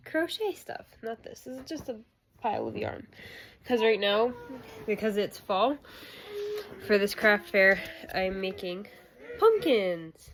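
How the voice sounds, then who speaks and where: Young woman, slow chatty vlog talk, lively pitch, lots of ums, noisy home recording. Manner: rambling, many fillers, playful with her baby. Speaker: vlogger, crafter. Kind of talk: casual home vlog chat. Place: home room. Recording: home video with steady noise.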